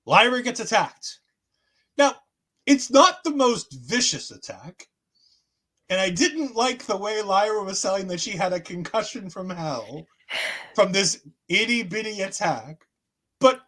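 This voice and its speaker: Guy w/ high voice, animated podcast recap, loves doing the quotes. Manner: animated storytelling, acts out quotes. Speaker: podcast co-host. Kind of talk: casual wrestling recap chat.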